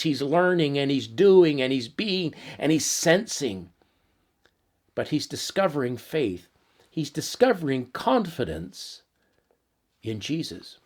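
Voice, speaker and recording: A middle-aged man from Atlantic Canada preaching a sermon, slow and repetitive, with frequent restarts. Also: medium pitch. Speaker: pastor.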